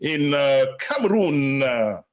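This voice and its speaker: A middle-aged man hosting a talk show in a casual, effusive way, often pausing on "uh" fillers. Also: mid-range voice, sing-song, slight background noise. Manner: upbeat and effusive, halting with many "uh" fillers.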